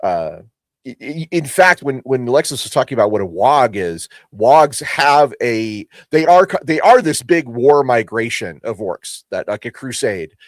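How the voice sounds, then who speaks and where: Halting man on a lore livestream. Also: mid-range voice, sing-song, dry recording, clean studio sound. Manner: halting, repeats words, reads chat aloud. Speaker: host. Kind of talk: casual livestream chat.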